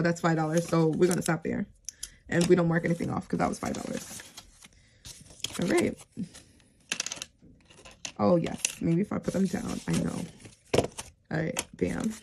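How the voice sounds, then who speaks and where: A woman vlogger chatting casually as she plays a savings game, counting aloud with bursts of excitement. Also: on the low side, vocal fry, slight background noise. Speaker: budgeting vlogger. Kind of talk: casual chat while playing a savings game.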